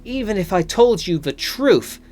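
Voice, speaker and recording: A woman's voice: medium pitch, big pitch swings. A woman putting on a chained ghostly woman's voice. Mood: pleading. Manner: deliberately bad put-on accent, loud and pleading. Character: chained ghostly woman, pleading, secretly deadly.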